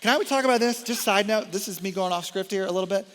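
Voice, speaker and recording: A young man, a college ministry director, giving an animated sermon full of jokes and off-script asides on a stage microphone in a large church hall. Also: high voice, quick pace, background noise. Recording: long hall reverb.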